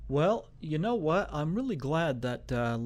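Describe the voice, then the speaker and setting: A man's voice: fairly high pitch, sing-song, a little slow, a little mellow. A man hosting a casual interview, mostly giving brief agreeing replies. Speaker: podcast host.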